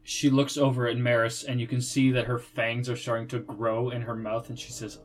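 A man narrating a tabletop game as game master in calm, descriptive sentences. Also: mid-range voice, normal speed, hardly any pauses, soft background music, rough recording.

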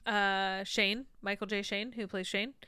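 A woman's voice: medium pitch, fairly even intonation, measured pace, pushed and bright, clear, resonant tone, no room sound. A woman co-hosting a podcast in casual chat, rattling off names with fillers. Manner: chatty, lists names with fillers. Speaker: podcast co-host.

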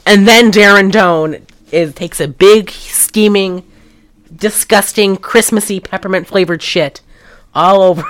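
A woman co-hosting a casual comedy recap, animated and sarcastic, swearing freely. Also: mid-range voice, unhurried. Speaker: podcast co-host recapping a film.

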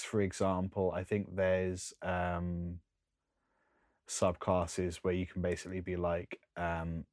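Deep-voiced man in rambling casual chat. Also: a little mellow, dry recording, studio quality. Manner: rambling, lists things with frequent ums and laughs. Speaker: podcast co-host.

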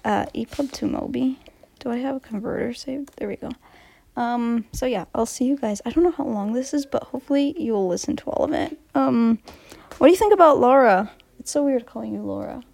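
A rambling, giggly American woman hosts a loose podcast chat from a study at home. Her voice sits a little high. She keeps laughing, wandering off topic and saying sorry. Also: fairly quick, vocal fry, darkish tone. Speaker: podcast host. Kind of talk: casual chat.

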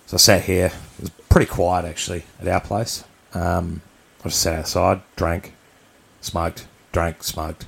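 A man's voice: low-pitched, flat delivery, a little slow, vocal fry, fairly bright tone, slightly rough. A man from New Zealand, co-hosting a podcast, telling a personal story in a candid, blunt, rambling way. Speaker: podcast co-host.

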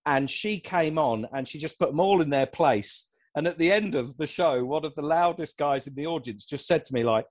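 A man's voice: on the high side, expressive, moderate pace, no echo. A British man, a comedian, telling funny stories in casual podcast chat. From England. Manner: chatty storyteller, self-deprecating. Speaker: comedian guest.

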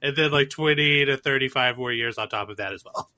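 A man's voice: mid-range voice, fairly quick, bright, forceful tone. A man in his thirties co-hosting a podcast, chatting casually in a rambling, jokey way and laughing often. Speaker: podcast co-host. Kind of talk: casual chat.

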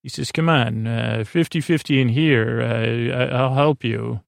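A man hosting a sleep podcast, retelling a TV episode in a meandering, low-key way. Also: steady tone, measured pace, vocal fry, dry recording, clean studio sound. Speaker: podcast host. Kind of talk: relaxed plot recap for a sleep podcast.

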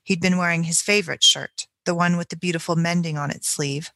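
A woman co-hosting a book podcast, reading a passage from a novel aloud in a measured, reflective way. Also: lowish voice, fairly even intonation, a bit bright, dry recording. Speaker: book club podcast co-host.

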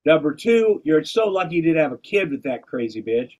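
A man's voice: a little high, big pitch swings, brisk, a little mellow. A man in casual chat, bluntly scolding and swearing as he gives advice.

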